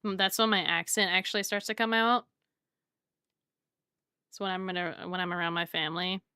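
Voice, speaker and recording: A woman's voice: fairly low pitch, fairly even intonation, moderate pace, pushed and bright, clean tone, dry recording, studio quality. A woman from the Southern United States, chatting casually while she draws on a live stream. She rambles and often laughs. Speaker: art streamer.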